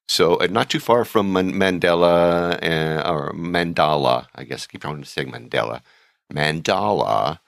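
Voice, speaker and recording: A man with an extremely low, deep voice hosts a travel podcast in a loose, chatty way. He rambles from one aside to the next and reads listener mail aloud. The sound is dry and close, with no room around it. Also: a bit bright, no echo. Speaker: podcast host. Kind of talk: casual podcast monologue.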